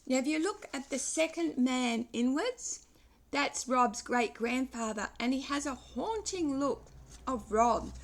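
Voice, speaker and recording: A woman in her sixties talking through memories in a personal vlog, reflective and wandering, pausing and restarting as she goes. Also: sits high, expressive. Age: 60s. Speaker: vlogger.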